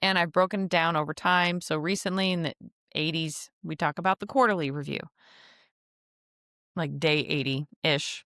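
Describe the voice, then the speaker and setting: On her solo podcast, a woman with allergy-clogged, nasal speech chats aimlessly and jokes at her own expense. Her voice is deep and a bit bright, with a moderate pace. The track is clean studio sound with no room noise.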